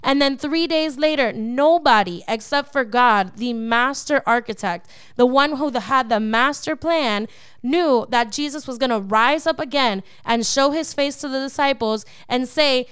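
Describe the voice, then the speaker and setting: A woman's voice: sits high, measured pace, fairly bright tone, smooth, dry recording, clean studio sound. A woman co-hosting a devotional Bible podcast, teaching in an emphatic, preacherly way and often checking in with the listener. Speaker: podcast co-host.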